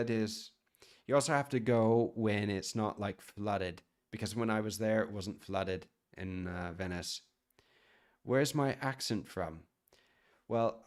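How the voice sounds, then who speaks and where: A man from the United States, a chef, chats casually on a live stream, answering viewer questions in a rambling way. His voice sits lowish.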